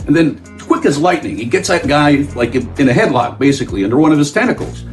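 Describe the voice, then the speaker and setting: A man's voice: a little high, lively intonation, fast, close to an everyday voice. A man voicing an easygoing, dimension-hopping male storyteller telling a comic anecdote. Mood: amused. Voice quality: easygoing, chatty storyteller, playful. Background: faint guitar music.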